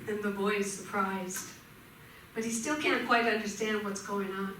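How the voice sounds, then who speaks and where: A woman minister giving a gentle sermon in a church, telling stories and voicing shouts vividly. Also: mid-range voice, steady tone, moderate pace, background noise. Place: church sanctuary. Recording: echoey church hall from far off.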